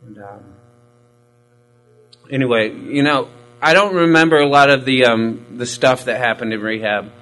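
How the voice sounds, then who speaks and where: A man's voice: medium pitch, normal speed, pauses often, fairly bright tone, rough recording. Profane, rambling man telling his story. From Hispanic military family background. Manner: profane, rambling, self-mocking with frequent fillers. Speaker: recovery storyteller. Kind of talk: candid personal testimony.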